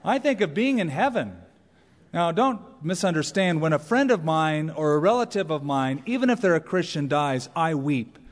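A man preaching a sermon as pastor, animated, with playful asides and mock voices. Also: a little high, normal speed. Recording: long church reverb.

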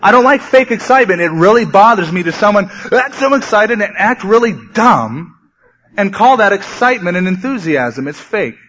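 Male pastor preaching, fairly high voice, chatty and sometimes animated delivery, muffled lo-fi recording. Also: normal speed, breathy edge. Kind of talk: sermon. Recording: dull lo-fi sermon recording.

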